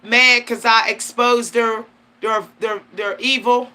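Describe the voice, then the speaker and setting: A woman's voice: fairly high pitch, steady tone, slow, bright, forceful tone. A woman hosting her channel, talking casually and emphatically about spiritual matters, slangy and laughing often. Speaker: channel host. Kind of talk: casual spiritual talk to camera.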